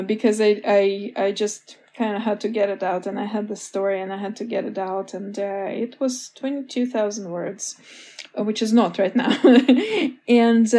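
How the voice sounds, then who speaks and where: A woman's voice: mid-range voice, warm tone. A woman author talking as a guest in a casual interview, rambling a little and laughing often.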